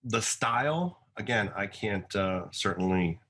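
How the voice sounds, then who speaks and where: A man's voice: fairly low pitch, expressive, a little slow, fairly bright tone, low-quality recording. A man co-hosting a casual educational wine show, talking in a modest, self-deprecating way.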